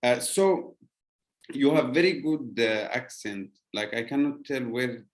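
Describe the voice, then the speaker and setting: A man's voice: mid-range voice, animated, unhurried. Male podcast host, casual, gropes for English words, echoey room. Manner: searches for English words, loose grammar. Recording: roomy echo.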